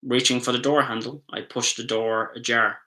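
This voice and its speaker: A man reads his own novel aloud in a live session, in a first-person storytelling voice. His tone is bright and forward. He reads casually and stops now and then to correct a slip. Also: medium pitch, little pitch movement, moderate pace, low-quality recording. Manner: casual reading with slips and self-corrections. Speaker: author reading his novel. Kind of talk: live book reading.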